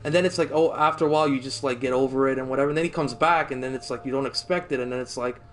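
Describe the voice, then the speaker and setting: A man's voice: medium pitch, racing, a little hiss or hum. Rambling livestreamer man, filler-heavy talk. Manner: rambling, filler-heavy, lots of "like" and "you know"; swears casually. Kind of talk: casual chat with stream viewers.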